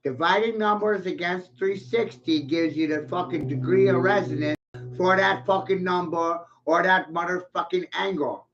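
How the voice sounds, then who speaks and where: Profane ranting man, high bright voice. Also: normal speed, a little hiss or hum. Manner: profane, boastful, ranting with bursts of loud laughter. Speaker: vlogger. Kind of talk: rambling profane monologue. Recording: dull lo-fi recording.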